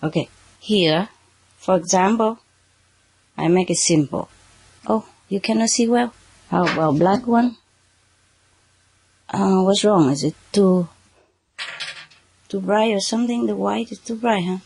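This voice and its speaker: A spiritual teacher addressing a live audience under spotlights, speaking halting, non-native English and often checking in with "okay" and "huh". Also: medium pitch, gravelly, a little mellow, slight background noise. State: slightly emotional at moments. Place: under bright spotlights, indoors.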